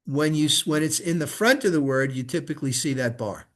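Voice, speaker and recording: A man teaching a student to chant Hebrew scripture, patiently modeling each word for her to repeat. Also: fairly high pitch. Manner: patient, slow, models words for repetition. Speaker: rabbi teaching Torah reading. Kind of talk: one-on-one lesson on chanting.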